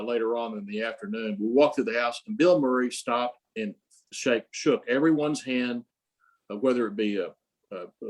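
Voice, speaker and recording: A man's voice: mid-range voice, rough recording. An older man, an interview guest, telling rambling stories full of quoted dialogue, with frequent restarts. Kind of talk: casual storytelling.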